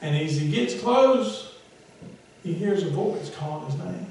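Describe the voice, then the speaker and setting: Guy preaching a sermon, fairly high voice, joking around, big echoey church hall, mic far off. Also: lively intonation, a little slow, creaky. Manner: conversational, self-deprecating humor, rises to loud emphasis. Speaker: pastor. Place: church sanctuary.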